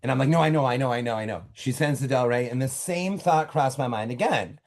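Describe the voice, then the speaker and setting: A middle-aged man, an author, talking casually from his home office in an interview, telling stories in an animated way with quick asides and restarts. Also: mid-range voice. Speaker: author guest.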